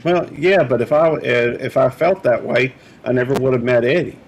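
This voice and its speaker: Man, gravelly, mid-pitched, halting and earnest, casual chat, faint rumble behind. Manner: halting, filler-heavy, earnest.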